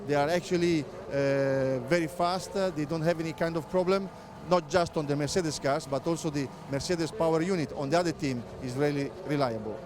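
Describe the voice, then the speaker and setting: A middle-aged man with an Italian accent, a native Italian speaker answering interview questions as a motorsport pundit, pausing often on filler sounds and restarting his phrases. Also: fairly high pitch, noisy background. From Italy. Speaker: motorsport pundit, former racing driver.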